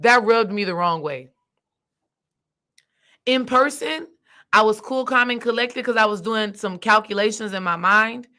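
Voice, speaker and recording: Bright-voiced woman telling a story. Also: on the high side, a little slow, pauses often. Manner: animated, acts out quoted dialogue; emphatic, addresses listeners directly. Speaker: spiritual coach. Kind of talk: casual storytelling monologue.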